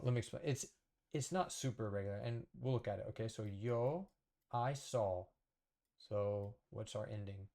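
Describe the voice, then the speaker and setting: A language teacher with a lowish, dark-toned voice gives a casual whiteboard lesson, thinking aloud, correcting himself and checking in with the viewer.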